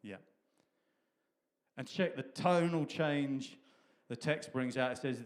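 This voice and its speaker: A man preaching a sermon, retelling the scripture story in a lively, conversational way, acting out the dialogue and laughing often. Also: mid-range voice, takes it slowly, pauses often. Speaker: pastor.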